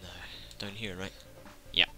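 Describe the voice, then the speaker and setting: Sharp-voiced gamer, sarcastic. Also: male voice, deep voice, little pitch movement, measured pace, a little hiss or hum. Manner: sarcastic, joking asides to the game. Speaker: let's play gamer. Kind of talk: casual gameplay commentary.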